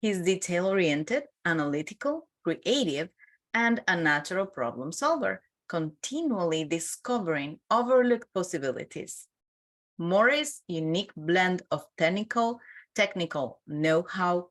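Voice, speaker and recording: Woman, podcast host, slightly low pitch, formal, measured introduction. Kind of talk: scripted guest introduction and interview.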